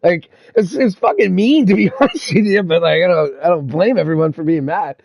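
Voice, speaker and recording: Young male sim-racing streamer, relaxed and profane, voice a bit high, close dry mic. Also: brisk, gravelly, dry recording. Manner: laid-back, swears and laughs often. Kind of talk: casual chat over voice chat.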